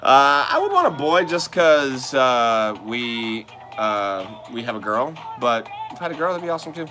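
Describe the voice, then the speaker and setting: A man's voice: mid-range voice, very animated, normal speed, sharp tone, faint music behind. A man co-hosting a casual live show with his wife, chatty and upbeat, greeting viewers by name. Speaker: co-host of a couple's live show. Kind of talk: casual live-stream chat.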